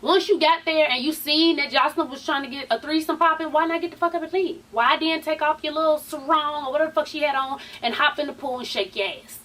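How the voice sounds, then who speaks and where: High-voiced woman, a sassy chatty vlog host, a little off-mic. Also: fast, few pauses, a bit bright, recorded from a distance. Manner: chatty and sassy, swears freely, says "honey" and "sweeties" a lot. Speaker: YouTube TV show recap host. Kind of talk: casual reality TV recap vlog.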